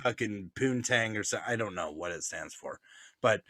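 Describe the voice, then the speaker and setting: A man's voice: on the low side, expressive, moderate pace, sharp tone, no echo, studio quality. A man telling stories in casual chat, swearing often, laughing, and acting out what others said. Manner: profane, laughing, acts out voices in stories. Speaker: podcast co-host.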